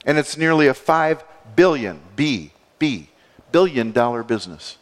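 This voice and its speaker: A male pastor preaching a sermon, expressive, moving between soft, low passages and emphatic lifts. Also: measured pace. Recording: long hall reverb.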